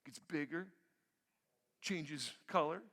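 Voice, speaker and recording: High-voiced preaching man in reverberant hall. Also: slow pace. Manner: emphatic preaching, rising loud on key points then dropping quiet. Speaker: pastor. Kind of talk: sermon. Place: church sanctuary.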